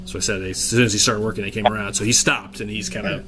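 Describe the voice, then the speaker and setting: A man's voice: lowish voice, fairly even intonation, quick pace, music in the background. Chuckling man running a game. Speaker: game master. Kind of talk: narrating a tabletop game.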